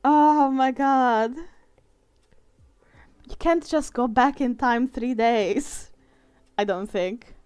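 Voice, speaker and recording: Young woman, Italian accent, relaxed drawing-stream chatter, self-teasing, slow easy pace, dry close sound. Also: a little high, dry recording. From Italy. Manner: chatty, self-mocking, laughs often. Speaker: illustrator live-streaming a drawing session. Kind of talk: casual chat while drawing.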